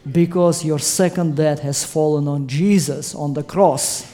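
A man preaching a sermon in an emphatic way, building to loud, forceful climaxes. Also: on the high side, fairly even intonation, measured pace.

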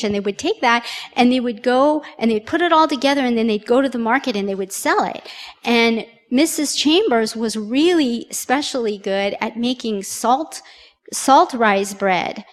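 A woman tells a children's story sermon in a chatty way, often turning to the kids with questions. Her voice sits fairly high. A long hall reverb trails her words. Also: moderate pace. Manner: warm, conversational, addressing children with questions.

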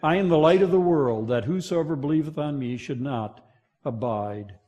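A man preaching a sermon, swinging between loud emphasis and hushed moments, asking the congregation to finish verses. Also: fairly high pitch, moderate pace, dull audio. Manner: asks the congregation to fill in verses. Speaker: pastor.

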